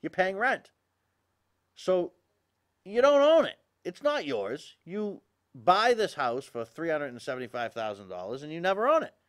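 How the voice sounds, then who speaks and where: A man's voice: on the high side, very animated, normal speed, fairly bright tone. A middle-aged man hosting a talk show, delivering an emphatic political monologue full of rhetorical questions and asides to the audience.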